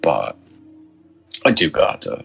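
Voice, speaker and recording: A man voicing a shifty male cart hauler with a low, soft Cockney voice. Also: takes it slowly, highs cut off, faint music behind, natural voice.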